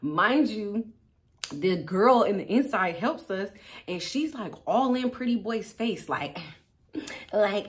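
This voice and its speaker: A young woman, telling a storytime to her viewers in a casual, slangy, animated way, laughing and acting out what people said. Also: mid-range voice, slow pace. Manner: animated, slangy, acts out quotes, laughs often. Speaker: storytime vlogger.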